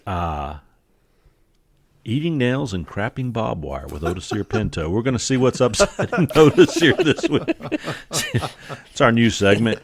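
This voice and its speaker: A man hosts a loose, joking podcast chat, full of "uh" and "I tell you what." His voice sits a little low and sounds dry and close. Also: dry recording. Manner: folksy, joking, many fillers. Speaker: podcast host.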